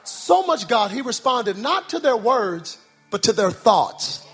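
Male preacher, very high voice, call-and-response sermon, faint music underneath. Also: very animated, measured pace, slightly rough. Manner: call-and-response preaching, rising to shouts, sing-song cadence. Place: church. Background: soft music.

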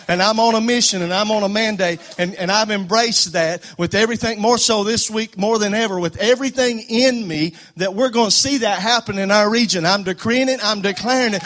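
Fervent high-voiced preacher. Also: male voice. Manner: fervent, repetitive stammering restarts, rising to loud declarations. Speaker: pastor. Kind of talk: sermon.

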